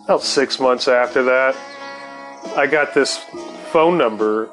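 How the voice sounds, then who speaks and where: A man telling a rambling personal story in a laid-back, profane way, full of fillers and restarts, and high while he talks. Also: a little slow, fairly bright tone, soft background music. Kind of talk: casual storytelling.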